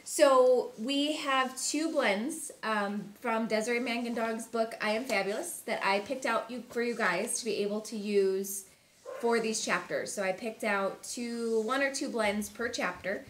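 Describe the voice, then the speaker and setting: A woman host reading aloud from a book at home, cheerful and steady, with short chat in between. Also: on the high side, measured pace, roomy sound, a little hiss or hum. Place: home room.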